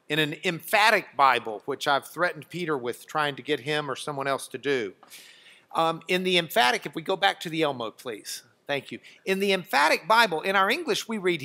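A man leading a Bible lesson in a bright, fairly high voice. He talks in a chatty, halting way, restarting phrases and dropping dry asides as he works through the text. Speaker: Bible class teacher. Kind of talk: classroom lesson with a guest.

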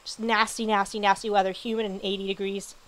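A woman's voice: mid-range voice, flat delivery, fast talker, fairly bright tone. A woman streamer giving casual gameplay commentary, chatty and grumbling, talking to the game's characters. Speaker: gaming streamer.

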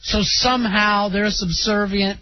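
High-voiced man hosting talk radio. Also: steady tone, measured pace, no echo. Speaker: radio show host. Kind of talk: talk radio chat with callers. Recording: dull lo-fi radio broadcast.

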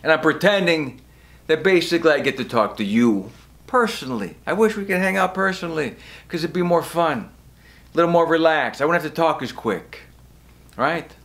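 With a fairly high, animated, somewhat bright voice at normal speed, a man vlogs straight to camera about his podcast. He's emotional, almost begging, and occasionally gets louder.

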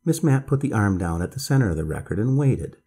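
A man calmly reading a bedtime story aloud as narrator, in a measured storytelling voice. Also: on the low side, breathy edge.

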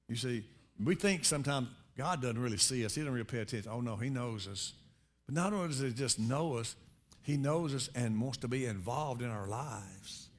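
A man preaching a sermon as pastor, conversational, swinging between quiet reflection and loud emphatic rises. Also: moderate pace. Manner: conversational preaching with sudden rises in pitch and volume.

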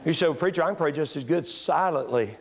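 Male pastor, high pitch, preaching sermon that swings from quiet teaching to shouting. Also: expressive, quick pace. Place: church sanctuary.

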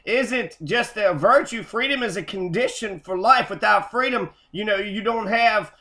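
A man's voice: high voice, normal speed, bright, forceful tone. A man in an angry, profane rant, cursing and repeating himself. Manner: heated, cursing, repetitive. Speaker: host.

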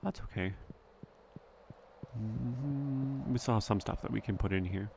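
A young man giving relaxed, rambling gameplay commentary, thinking aloud with frequent fillers. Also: medium pitch, a little slow, gravelly, slight background noise. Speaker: let's play gamer.

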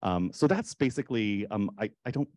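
A man's voice: fairly low pitch, expressive, a little fast, a little mellow, dry recording. A man, a librettist, talking through his writing process on a discussion panel, with many fillers and restarts.

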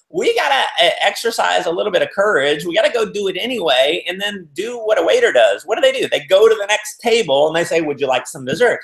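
In a roomy, echoing recording, a man with a high, gravelly voice gives a motivational business talk. He's an animated storyteller who acts out the quotes of the characters in his anecdotes.

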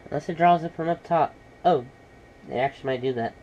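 A man's voice: a little high, fairly quick, darkish tone, slight background noise, poor audio. A man casually talking through a laptop repair in a how-to vlog, rambling and matter-of-fact. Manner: rambling, many fillers and restarts. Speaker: computer repair vlogger.

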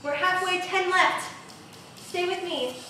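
A young fitness instructor speaks slowly in a very high voice with a sharp tone, slight background noise behind her. She coaches a live workout, cheering upbeat through the reps while out of breath, on a large, empty home gym floor. The mic is distant and the room echoes.

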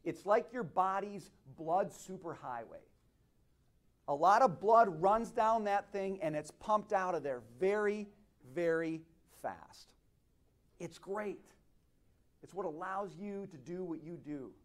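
A man from Minnesota giving a conference speech on stage, telling stories with dramatic pauses. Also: high voice. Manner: animated storyteller, dramatic pauses. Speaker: speaker at a conference. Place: stage at a live event.

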